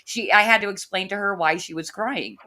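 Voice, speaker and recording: A middle-aged woman co-hosting a casual chat, telling stories warmly with animated asides. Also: mid-range voice, fairly quick. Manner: warm, storytelling with animated asides. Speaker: co-host.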